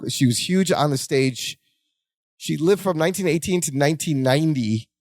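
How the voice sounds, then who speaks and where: A man's voice: on the high side, expressive, normal speed, a little mellow, dry recording, studio quality. A man co-hosting a casual rewatch podcast, recapping scenes with playful acted-out quotes and frequent laughs. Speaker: podcast co-host.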